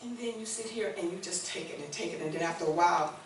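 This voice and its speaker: A woman's voice: on the low side, fast, background noise. A woman in her sixties preaching a sermon with call-and-response, moving between conversational talk and emphatic declarations. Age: 60s. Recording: echoey church room, mic far off.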